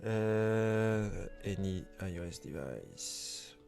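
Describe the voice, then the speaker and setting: A man's voice: lowish voice, lively intonation, drawn-out words, gravelly, a little mellow, faint music behind. A man commenting while he codes, often frustrated and swearing at his tools. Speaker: developer live-coding on stream. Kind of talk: live-coding commentary.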